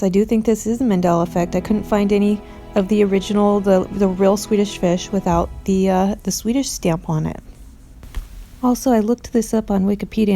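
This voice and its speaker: A woman's voice: mid-range voice, dark tone. A woman hosting a casual vlog, talking in a rambling, earnest way and getting defensive toward critics. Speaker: video host.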